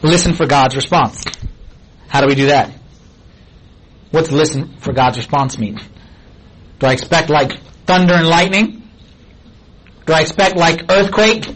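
A man in middle age preaches to his congregation with a husky, breathy edge to his voice. He speaks in a high register and keeps firing questions at his listeners in a loose, animated way. The tone stays conversational throughout. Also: measured pace, long pauses, low-quality recording. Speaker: pastor. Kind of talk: sermon.

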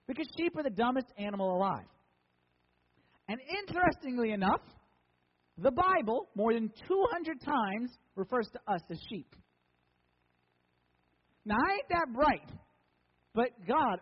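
A man's voice: sits high, husky, big-room sound, lo-fi sound. A man preaching as a pastor, conversational and joking with emphatic lines. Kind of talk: sermon.

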